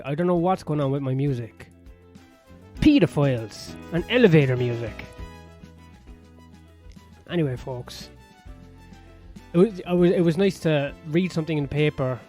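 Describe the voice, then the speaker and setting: A man with an Irish accent hosting his own podcast, rambling through a crude, sardonic comedic monologue full of swearing. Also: mid-range voice. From Ireland. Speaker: podcast host. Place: sauna-area home in west London. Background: soft piano music.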